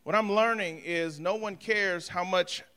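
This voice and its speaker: A man preaching a sermon, building to shouts and joking with his congregation. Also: sits high, fairly even intonation, measured pace, smooth. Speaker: pastor.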